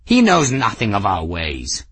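A man's voice: fairly low pitch, huge pitch swings, a little slow, breathy edge, heavily acted. A man voicing a hotheaded young male cat, a chief's son, who snaps his lines sharply. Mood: furious. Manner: sharp, snapping.

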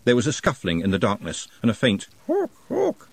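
Male narrator, expressive and wry, husky voice, dry close mic. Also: fairly low pitch, fast talker, dry recording. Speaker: audiobook narrator. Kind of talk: scripted narration.

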